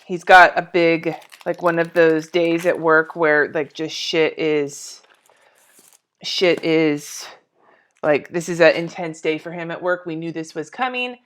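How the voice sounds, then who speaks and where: Woman in her forties with a slightly low voice, a chatty and scattered live-stream host who thinks out loud and swears offhand. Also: fairly even intonation, unhurried. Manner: chatty and scattered, talks to herself, swears casually. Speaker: planner vlogger. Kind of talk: live-stream chat while decorating a planner.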